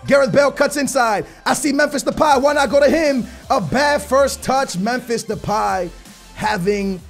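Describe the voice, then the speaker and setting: A young man doing loud, slangy live commentary over a football video game, his voice strained from shouting. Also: extremely high pitch, moderate pace, gravelly, soft background music. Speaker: gaming YouTuber.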